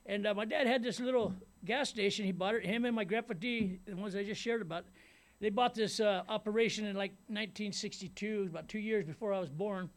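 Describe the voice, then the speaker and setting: A man's voice: high-pitched, brisk. A middle-aged man from Ventura County, California, giving a personal testimony as a rambling storyteller who repeats himself and keeps saying "you know what I mean". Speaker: speaker sharing his recovery story.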